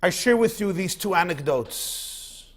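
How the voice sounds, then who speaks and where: A rabbi giving an evening lecture, weaving in anecdotes. His voice sits a little high for a man, and he tells stories with expressive delivery. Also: measured pace. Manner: expressive storyteller.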